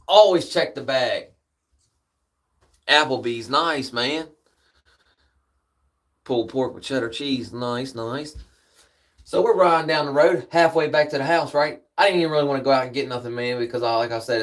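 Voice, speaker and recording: Laid-back male streamer telling a story off the cuff, profane and rambling, average pitch. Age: adult with a daughter. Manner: rambling, profane, peppers speech with "man". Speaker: livestream host. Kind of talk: casual storytelling.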